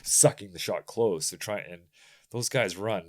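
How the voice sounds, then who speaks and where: Deep-voiced man telling rambling stories. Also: a little slow. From rural Ontario, Canada. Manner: animated storyteller, rambling with restarts. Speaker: podcast guest, bike mechanic. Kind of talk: casual chat.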